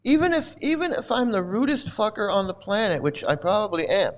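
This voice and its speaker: A man's voice: sits high, sing-song, fairly quick. A middle-aged man delivering a furious, repetitive monologue to camera, swearing and bitter. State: angry, voice breaking at times. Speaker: channel host, cult critic.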